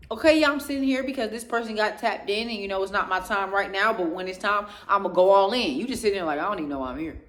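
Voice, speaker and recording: A woman delivers a motivational faith talk straight to her listeners. She drives her points home with stacked, repeated phrases and an insistent, preachy rhythm, swelling with passion and then settling quieter. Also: mid-range voice. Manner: speaks passionately, getting louder, then drops quieter. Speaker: faith and self-growth speaker.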